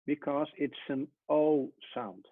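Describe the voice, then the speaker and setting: Husky man teaching at a whiteboard. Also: fairly high pitch, slow pace. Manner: explains step by step, repeats, trails off softly. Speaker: Hebrew teacher. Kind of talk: whiteboard lesson. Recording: tinny phone-like sound.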